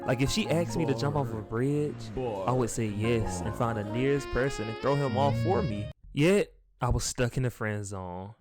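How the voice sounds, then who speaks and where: Animated young man telling a comedic story. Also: moderate pace, hardly any pauses, over loud music. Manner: animated and slangy, swinging from low asides to high yelps.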